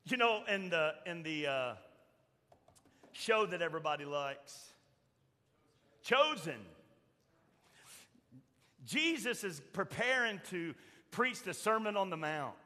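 Male pastor, very high bright voice, emphatic sermon delivery, church hall echo. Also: lively intonation, unhurried, long pauses. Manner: emphatic preaching, swings from loud shouts to soft quoted asides. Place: church sanctuary. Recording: long church reverb.

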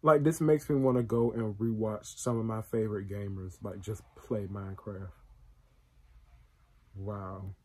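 A man hosting a reaction video, talking in a casual, excitable and emotional way with plenty of slang. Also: on the low side, a little slow, slightly rough.

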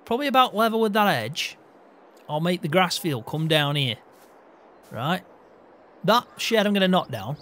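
A man's voice: sits high, expressive, moderate pace, long pauses, a bit bright. A man playing an easygoing young farm hand, laughing often and mock-grumpy in game roleplay banter. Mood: explaining. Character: young male farm hand with his own caravan.

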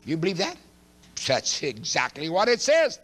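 A man preaching a sermon, emphatic and preachy, swinging between loud declarations and hushed asides, and reading scripture aloud quickly. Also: on the high side, wildly swooping pitch.

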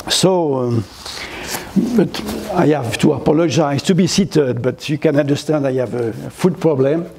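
An older man from France with a French accent, giving a gallery lecture in halting English, full of fillers and restarts. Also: on the high side, gravelly, noisy background. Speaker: guest lecturer. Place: lecture hall, seated.

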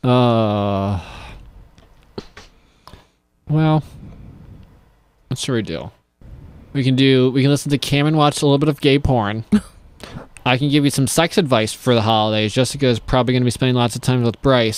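A man's voice: medium pitch, moderate pace, long pauses, smooth. Joking male podcast host. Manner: teasing, jokey. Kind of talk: casual podcast banter.

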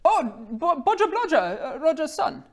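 A man's voice: normal speed, slight background noise. A man doing a bubbly young giant woman. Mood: excited. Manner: high, excited, laughing greeting.

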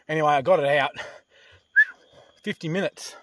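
An Australian man talking casually to camera outdoors, rough-spoken and swearing freely, out of breath from hauling a load. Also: fairly high pitch, a little fast, pauses often, no echo. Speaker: pig hunter. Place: outdoors in the bush.

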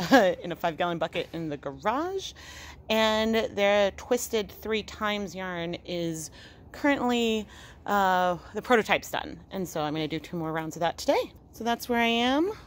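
A woman's voice: mid-range voice, unhurried, slight background noise. Chatty woman vlogging candidly. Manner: chatty, candid, frequently laughing. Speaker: yarn dyer and vlogger. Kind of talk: casual vlog. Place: home studio and garage.

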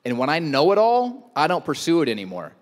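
A man's voice: on the high side, huge pitch swings, brisk. Conversational male pastor in a reverberant church. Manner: conversational, with rhetorical questions and joking asides. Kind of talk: sermon. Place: church auditorium. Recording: long church hall reverb.

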